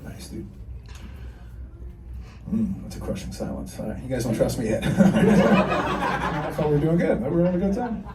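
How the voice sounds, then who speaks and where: A stand-up comedian in his thirties performs a crude, self-mocking set and banters with the crowd, his voice a little high and very animated. He speaks at normal speed with long pauses. The distant, roomy live recording from the comedy club stage carries a laughing audience and a noisy background.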